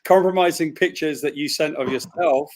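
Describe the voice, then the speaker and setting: A man's voice: on the high side, normal speed, noisy background. A man with a British accent hosting a casual video chat, chatty and jokey with loose asides. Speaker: host.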